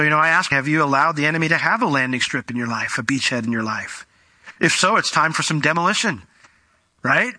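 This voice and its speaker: A man in his thirties preaches with a bright, ringing, forceful tone. He talks conversationally and then pushes into fervent emphasis. The sound is dry and close, with no room around it. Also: a little high, dry recording. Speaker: pastor. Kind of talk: sermon.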